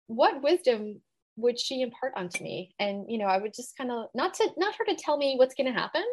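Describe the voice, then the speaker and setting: A woman's voice: fairly high pitch, big pitch swings, a little fast. Earnest woman in her thirties, reflective. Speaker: podcast guest, dietitian. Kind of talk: casual interview chat.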